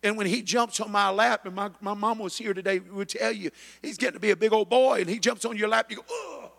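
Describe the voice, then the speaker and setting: Male preacher, 50s, high and gravelly, builds to shouting, echoey hall. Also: steady tone, quick pace. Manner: builds to shouted climaxes, chanting amen. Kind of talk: sermon.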